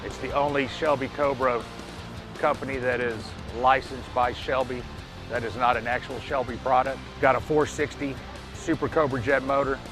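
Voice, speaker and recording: A man's voice: medium pitch, steady tone, normal speed, over music. A man describing his car in a matter-of-fact way, listing its specs. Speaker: car owner. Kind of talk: casual explanation.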